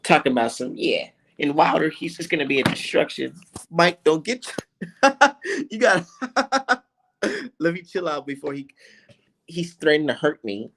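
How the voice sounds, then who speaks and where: A man giving a profane, excitable reaction to boxing clips on his vlog, swearing and mocking as he talks. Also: medium pitch, creaky. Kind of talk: profane casual reaction commentary.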